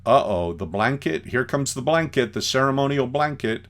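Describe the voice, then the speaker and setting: A man teaching a class, talking through scenes of a film in an animated, conversational way. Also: mid-range voice, moderate pace, few pauses, over loud music. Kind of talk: class lecture commenting on a film.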